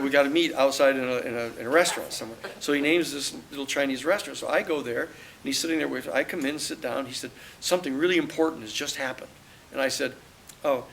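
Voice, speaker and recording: A man in his sixties, a lawyer and author telling stories at a book talk, animated, acting out the dialogue he quotes. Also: medium pitch, creaky, slight background noise, poor audio. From United States. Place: live audience talk at a campus venue.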